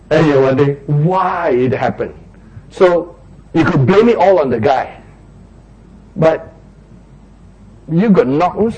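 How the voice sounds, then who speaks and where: A man preaches, his voice slightly husky and warm rather than bright. He tells everyday stories and acts out the quarrels in sudden raised voices. His voice sits a little higher than most men's. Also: poor audio. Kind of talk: sermon.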